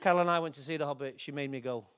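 A man preaching a sermon to his church, fervent and emotional, with big swings in loudness. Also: fairly high pitch, very fast, clean tone. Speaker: pastor.

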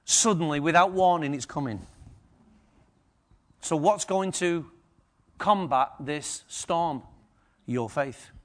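A man preaching a lively sermon to a congregation, acting out the story's characters. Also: fairly high pitch, slow pace, long pauses.

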